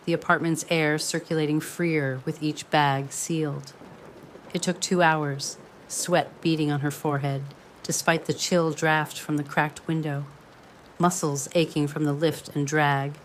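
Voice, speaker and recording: A woman reading a dramatic story in a measured, ornate storytelling manner. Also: low voice, slight background noise. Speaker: narrator. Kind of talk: scripted drama narration.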